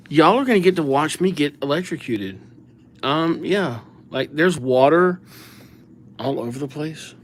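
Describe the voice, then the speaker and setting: A man's voice: fairly high pitch, expressive, unhurried. A young man hosting a calligraphy livestream, chatting and joking while he writes viewers' names and hands out goofy nicknames. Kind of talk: casual livestream chat while writing names.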